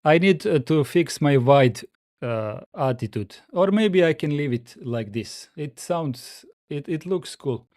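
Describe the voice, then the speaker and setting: A man hosting a casual livestream at home. He reads viewer comments aloud in relaxed, halting English with frequent pauses. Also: fairly high pitch, no room sound, clean studio sound. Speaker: livestream host.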